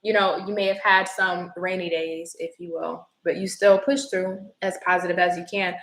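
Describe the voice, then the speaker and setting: A woman's voice: on the low side, normal speed, echoey room, poor audio. Chatty woman reading tarot live. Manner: chatty, expressive, greets viewers by name. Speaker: tarot reader.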